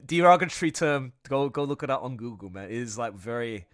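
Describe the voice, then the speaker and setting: Excitable, bright-voiced man chatting on stream. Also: medium pitch, brisk. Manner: excitable, laughs often, trails off mid-sentence. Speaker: streamer and artist. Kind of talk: casual livestream chat.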